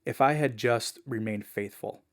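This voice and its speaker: Gravelly-voiced man telling his story. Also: mid-range voice, moderate pace. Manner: animated, acts out the people he quotes; fillers like "man" and "like". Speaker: podcast guest. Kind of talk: casual storytelling.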